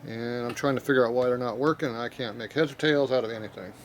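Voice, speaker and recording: A man's voice: mid-range voice, fairly even intonation, fast talker, a little hiss or hum, low-quality recording. A man doing casual shop talk while he works on a motorcycle outdoors, plain-spoken and frustrated, often mumbling and trailing off. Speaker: motorcycle mechanic. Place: outdoor workshop yard on a windy day.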